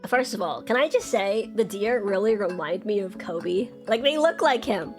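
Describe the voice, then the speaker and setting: A woman's voice: mid-range voice, expressive, moderate pace, soft background music. A young woman streaming, chatting casually and bubbly, jumping up into squeals when she greets her chat.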